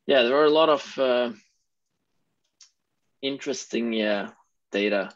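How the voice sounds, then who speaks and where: A man hosting a casual video call meeting, relaxed and quick to agree. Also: mid-range voice, dry recording. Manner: relaxed, many short agreeing replies. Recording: dry, dull lo-fi call audio.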